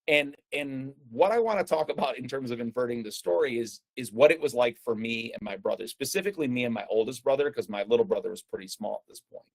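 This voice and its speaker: Gravelly man telling a story. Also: medium pitch. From United States. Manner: conversational, frequent fillers and restarts. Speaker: speaker presenting a talk. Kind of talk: personal storytelling talk.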